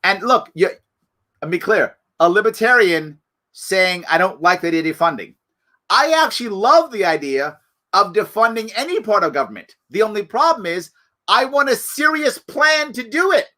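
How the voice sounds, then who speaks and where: A middle-aged man hosts a live political talk show in a bright, forceful voice pitched a little high. He talks with animated emphasis, firing off rhetorical questions and swinging widely in pitch. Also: moderate pace. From New York.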